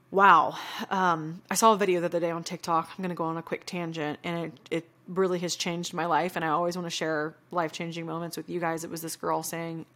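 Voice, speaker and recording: A young adult woman talks to her listeners on a solo podcast, sincere and reflective. Her voice sits a little low for a woman, and she fills her sentences with relaxed "you know"s and "like"s. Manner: earnest and reflective, many fillers like "you know". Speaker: podcast host. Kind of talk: casual solo podcast talk.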